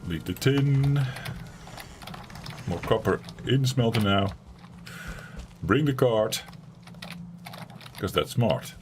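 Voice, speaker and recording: A man from the Netherlands with a Dutch accent plays a game on stream, speaking slowly in a fairly low, expressive voice with long pauses. He rambles chattily, talking to his chat between tasks, while background noise is audible.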